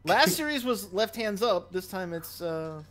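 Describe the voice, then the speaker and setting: A man hosting a casual multiplayer gaming chat, upbeat, laughing often and stammering when excited. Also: sits high, a little slow, soft background music. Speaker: host.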